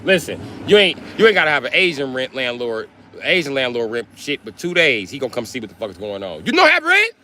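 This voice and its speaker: A male comedian telling a profane, animated comic story on a live stream. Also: mid-range voice, fast talker, hardly any pauses, slight background noise.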